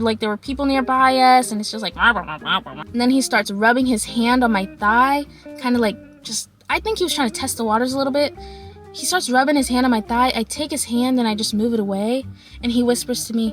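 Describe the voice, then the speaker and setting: A young woman vlogger telling a storytime, animated, often laughing and acting out quotes in high voices. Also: brisk, faint music behind. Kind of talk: storytime vlog.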